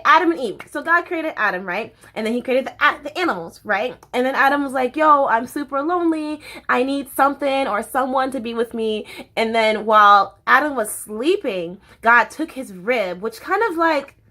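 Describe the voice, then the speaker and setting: A woman's voice: fairly high pitch, fairly bright tone. A young woman chatting casually to camera as a vlogger, bubbly and chatty, swearing freely.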